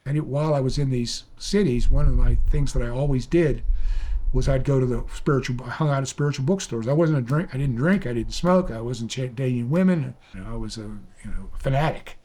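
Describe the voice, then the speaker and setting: A man in mid-range pitch tells a personal story in an animated, emphatic way. His voice climbs and swells when he presses a point, then settles back into a relaxed, conversational telling. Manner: animated storyteller, rises high when preaching. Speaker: speaker on mentorship. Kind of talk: storytelling talk.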